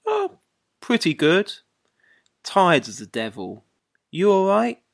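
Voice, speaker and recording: A woman's voice: lowish voice, wildly swooping pitch, takes it slowly, vocal fry, no echo, clean studio sound, full character voice. A woman voicing Jack, a careless and easily irritated man on the phone, in a dialogue drama reading. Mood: impatient. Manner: brusque, offhand and easily irritated. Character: careless, impatient man on a bad long-distance phone line.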